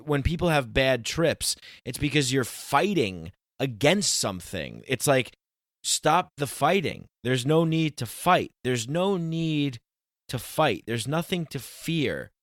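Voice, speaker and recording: A man hosting a casual podcast, earnest and emphatic, slowing down to press his points. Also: medium pitch, very animated, fairly bright tone, no echo, clean studio sound. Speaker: podcast host.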